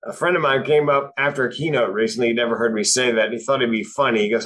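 A man's voice: medium pitch, steady tone, quick pace, a bit bright. A man, a comedian and speaker, telling personal stories about depression with dry, punchline-driven timing. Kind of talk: comic storytelling on mental health.

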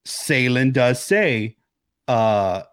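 Male podcast co-host, medium pitch, dry close sound, animated and restless delivery. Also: extremely slow, clear, resonant tone, no echo. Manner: animated, acts out characters' lines, many restarts. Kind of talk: casual film discussion.

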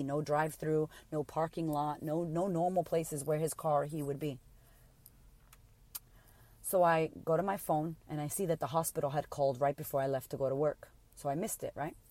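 A woman's voice: deep voice, steady tone, moderate pace, dark tone, no room sound. A woman in her thirties hosting a podcast, retelling a painful personal story in a raw, emotional way with frequent swearing. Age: 30s. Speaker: podcast host.

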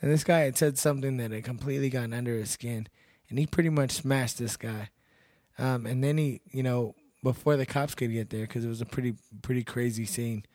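A man's voice: medium pitch, fairly even intonation, brisk, a little mellow, no echo. Blunt, laid-back man from Texas. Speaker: podcast guest, bouncer and MMA fighter. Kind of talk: casual storytelling chat.

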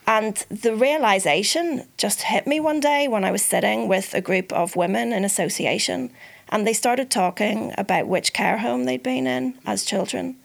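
A woman who volunteers as a Samaritan, hosting a discussion and framing the topic in a measured, articulate way. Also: medium pitch, creaky. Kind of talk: hosted discussion between practitioners.

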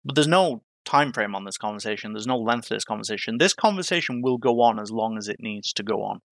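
A man speaking as a podcast guest, telling his story reflectively, with many pauses, fillers and restarts. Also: lowish voice, animated, no room sound. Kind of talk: candid interview conversation.

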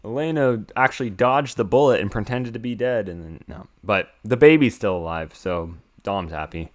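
A young man co-hosting a podcast, casually recapping a film in a rambling, excitable way and swearing freely. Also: on the low side, normal speed. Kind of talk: casual chat.

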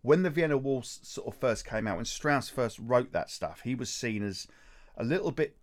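A man's voice: medium pitch, moderate pace. A man in casual podcast chat, telling stories animatedly, humming tunes and mimicking people. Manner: animated storyteller, sings melodies and mimics people. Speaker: podcast co-host.

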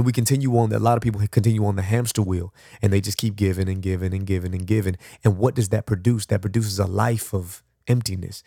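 A man's voice: fairly low pitch, vocal fry, warm tone, dry recording, clean studio sound. A man hosting a podcast, giving a reflective motivational monologue in a conversational, rambling way with frequent restarts. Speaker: podcast host.

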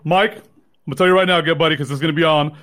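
A man's voice: a little high, steady tone, racing, a bit bright. A sleep-deprived man co-hosting a podcast in casual chat, rambling and mocking himself with frequent laughs. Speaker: podcast co-host.

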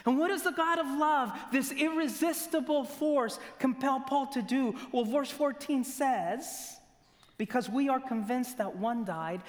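A man preaching a sermon in a church, asking rhetorical questions and swinging between loud emphasis and near-whispers. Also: very high voice. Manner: slow, deliberate delivery with rhetorical questions. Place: church sanctuary. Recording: long church reverb.

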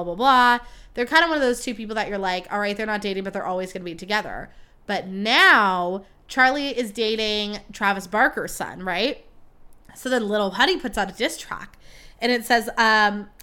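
A young woman hosting her own podcast, chatting casually in an animated, gossipy way with lots of swearing and asides. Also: medium pitch, smooth. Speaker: podcast host. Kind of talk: casual solo podcast chat.

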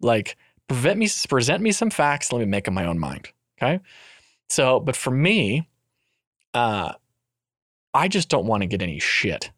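Animated, rambling man chatting casually. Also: mid-range voice, a little slow, long pauses, dry recording, studio quality. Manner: rambling, animated, with frequent fillers. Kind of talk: casual chat.

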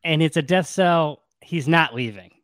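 A man hosting a casual podcast about a book, retelling it in an animated way and laughing often. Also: fairly high pitch, measured pace, no echo. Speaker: podcast host.

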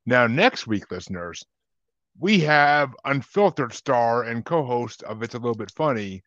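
A man's voice: mid-range voice, animated, a little slow, a bit bright, dry recording. A man hosting a podcast, chatting casually about albums with lots of detail and swearing. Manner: chatty, profane, detail-heavy music talk. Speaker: podcast host. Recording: dull lo-fi sound.

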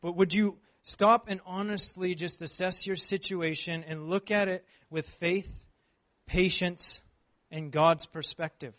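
A man preaching a sermon, reading scripture and then telling a personal story in an earnest, animated way. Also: high-pitched, a little slow, few pauses.

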